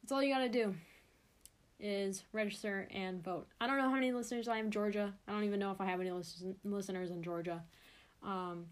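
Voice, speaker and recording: A young woman hosts her own sports podcast in casual solo chat, rambling and cutting herself off mid-thought. Her voice sits in the mid range and moves fairly quickly.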